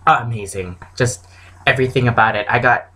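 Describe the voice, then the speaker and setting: A young adult woman telling a story in a casual vlog, gushing and excitable as she recounts it. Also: extremely low pitch, a little fast, slightly rough, rough recording. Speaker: vlogger.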